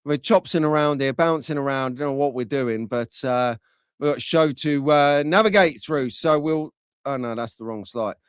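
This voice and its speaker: Man, live-stream host, jokey and rambling, clean smooth voice, dry close sound. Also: on the high side, normal speed, no echo. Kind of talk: casual live-stream chat with viewer shout-outs.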